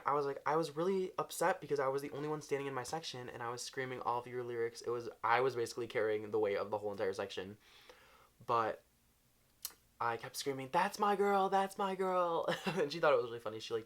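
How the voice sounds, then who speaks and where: A young adult vlogger with a mid-range, fairly bright voice tells a storytime tale. He gushes in a bubbly way and uses "like" all the time.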